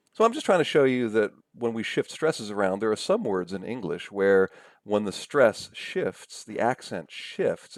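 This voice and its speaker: Lecturer: man, low raspy voice, patient and explanatory. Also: dry recording, studio quality. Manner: explanatory, reads examples slowly. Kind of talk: recorded lecture.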